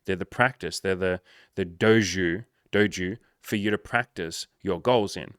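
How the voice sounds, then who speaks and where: A man's voice: low voice, measured pace, smooth, no room sound, studio quality. A man coaching on a casual show, talking animatedly, swearing often and acting out conversations. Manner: animated, swears often, acts out dialogue with rising energy. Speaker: life coach.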